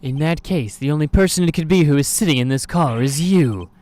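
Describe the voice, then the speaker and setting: A man voicing a composed, formal male prosecutor in an improvised game dub, with a deliberate courtroom delivery. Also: fairly high pitch, lively intonation, a little mellow, lightly acted. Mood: probing.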